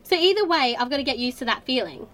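A bubbly, ditzy young woman chatters in a gushing, giggly way, played by a woman. Her voice sits high and swoops all over the place. It is a comedy audio drama. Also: big pitch swings, fast, fairly bright tone.

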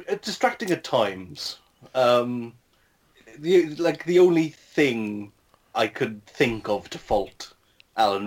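A man in a casual film discussion, giving hesitant, short remarks with fillers. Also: on the low side.

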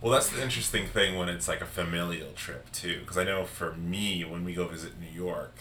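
Low-voiced male podcast host, roomy sound. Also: fairly quick, pushed and bright, recorded from a distance, a little hiss or hum. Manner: loose, filler-heavy, friendly. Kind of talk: casual podcast chat. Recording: roomy echo.

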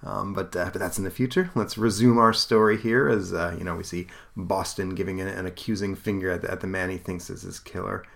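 A man's voice: low voice, steady tone, a little fast, creaky, few pauses, fairly bright tone. A man co-hosting a podcast, reading comic book dialogue aloud and acting out the characters, with many fillers. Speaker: podcast co-host. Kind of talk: casual comic book read-along.

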